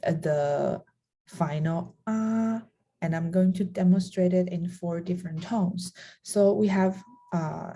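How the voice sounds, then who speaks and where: Slow, mellow-voiced woman teaching Chinese tones. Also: fairly low pitch, breathy edge. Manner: demonstrates tones by voicing sounds, with laughs. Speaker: language teacher. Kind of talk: beginner language lesson.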